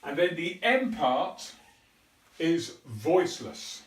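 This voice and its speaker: Slow, careful English teacher, a man. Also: fairly high pitch, sing-song. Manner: slow, careful demonstrating of sounds. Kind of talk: pronunciation lesson. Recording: echoey room, mic at a distance.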